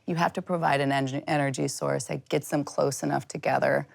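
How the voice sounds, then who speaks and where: A woman guest in an interview, explaining clearly and confidently. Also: sits low, steady tone, a little fast. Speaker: industry expert guest. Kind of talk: interview answers.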